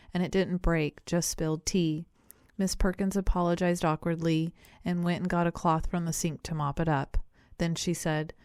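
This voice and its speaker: A woman narrating an audiobook in a measured, even storytelling manner. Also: on the low side, clean tone, dry recording, studio quality. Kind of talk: scripted narration.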